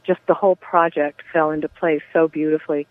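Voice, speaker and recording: A woman's voice: low-pitched, steady tone, fairly quick, no room sound. Enthusiastic woman playwright on a phone line. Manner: warm, enthusiastic, chatty with frequent yeahs. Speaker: playwright, interview guest. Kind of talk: casual interview talk.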